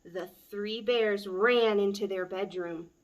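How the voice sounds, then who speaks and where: A woman, a children's librarian, reading a picture book aloud at story time with a gentle, expressive manner. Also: medium pitch, takes it slowly.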